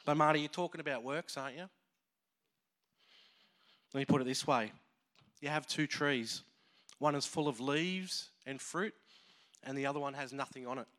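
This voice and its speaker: Man preaching, pastor, emotional, animated, acts out voices, mid-pitched voice. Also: moderate pace, long pauses. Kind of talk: sermon.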